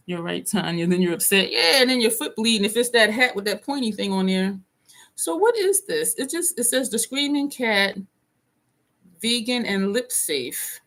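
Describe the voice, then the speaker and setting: Woman doing a chatty live unboxing at her desk, mid-pitched voice, talks to viewers by name. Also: animated, normal speed, fairly bright tone. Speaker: beauty vlogger hosting a live stream. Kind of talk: casual live-stream unboxing chat. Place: home desk.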